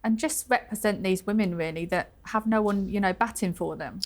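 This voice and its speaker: A woman's voice: mid-range voice, brisk, a little mellow. A woman being interviewed on a TV talk show, speaking in an earnest, emphatic and chatty way. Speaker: interview guest. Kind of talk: conversational TV interview.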